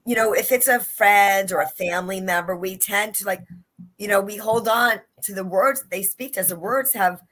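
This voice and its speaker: A woman's voice: medium pitch, moderate pace, fairly bright tone. A woman life coach speaking earnestly in a livestream interview over a video call, repeating her key phrases for emphasis. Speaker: guest, life and leadership coach. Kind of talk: livestream interview, motivational talk.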